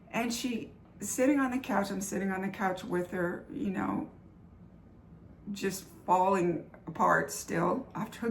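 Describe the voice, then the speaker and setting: An older woman telling a personal story in a vlog, earnest and animated, acting out the quoted lines. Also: mid-range voice, slight background noise. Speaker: vlogger sharing faith-based recovery stories.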